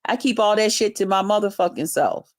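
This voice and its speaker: A woman's voice: mid-range voice, fairly quick. A woman YouTuber delivering an angry, profane livestream rant, taunting and confrontational.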